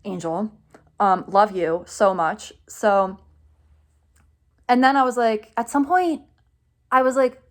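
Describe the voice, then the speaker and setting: A young woman tells a vlog story in a loose, rambling way. She stacks up fillers and chatty asides, and her voice sits at an ordinary middle pitch. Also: measured pace, long pauses. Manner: excited, rambling, many fillers and "like"s, laughs often. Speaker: vlogger telling a fan story.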